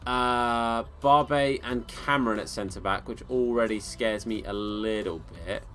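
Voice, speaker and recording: A man's voice: medium pitch, steady tone, a little slow, fairly bright tone, soft background music. An English man live-streaming a football video game, commenting on play and answering viewers in a casual, friendly way, calling them bro and mate. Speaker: gaming streamer.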